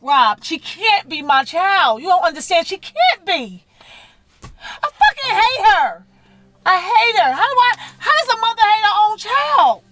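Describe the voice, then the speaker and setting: Distraught cursing mother, played by a woman; very high, bright, lively pitch. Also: measured pace, hardly any pauses, heavily acted. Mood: upset. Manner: distraught, cursing, breaking off mid-sentence. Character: shaken mother learning her enemy is her daughter.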